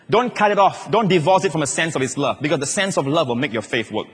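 A male pastor preaching a sermon to a church, dropping at times into soft, slow, hushed repetitions. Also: fairly high pitch, expressive, husky. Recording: long reverb of a large hall.

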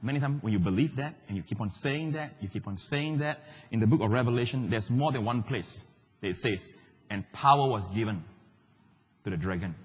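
A middle-aged male pastor preaching a sermon, animated, swinging between loud declarations and hushed asides. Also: medium pitch, a little fast, breathy edge. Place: large church hall. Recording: live church hall with long reverb.

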